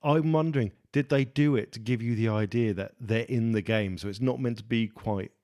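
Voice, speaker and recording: A man's voice: mid-range voice, moderate pace, darkish tone. Musing man co-hosting a film podcast. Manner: thoughtful, musing, analytical. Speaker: podcast co-host. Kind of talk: casual film discussion.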